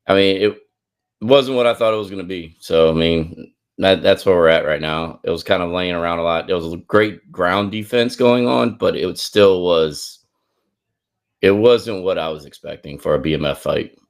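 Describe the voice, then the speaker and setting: A man's voice: sits low, moderate pace. A man co-hosting a sports podcast, talking in a loose, easygoing conversational way. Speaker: podcast co-host. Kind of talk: casual sports chat.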